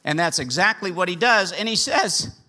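A man preaching a sermon, animated, acting out the characters' voices. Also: high-pitched, normal speed. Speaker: pastor.

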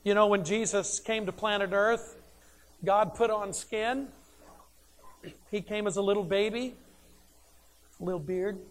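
A man's voice: high voice, steady tone, measured pace, long pauses. Emphatic male preacher posing rhetorical questions. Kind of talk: sermon.

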